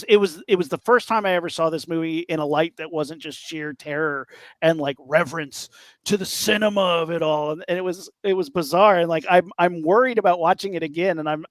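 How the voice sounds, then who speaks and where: A man in his thirties in casual podcast chat, animated and acting out quotes as he talks. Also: fairly high pitch, no echo. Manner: animated, acts out quotes with laughter. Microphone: home mic on a video call.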